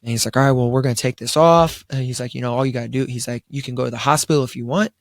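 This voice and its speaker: A young man with a drawl and a gravelly, fry-edged voice tells a long personal story at a podcast table. He speaks at an ordinary pitch, quoting himself with lots of "I was like" and restarts. The sound is dry and close. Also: fairly even intonation, very fast, no echo. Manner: laid-back storytelling, quoting himself, frequent fillers and restarts. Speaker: podcast co-host. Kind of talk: casual storytelling chat. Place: studio around a table.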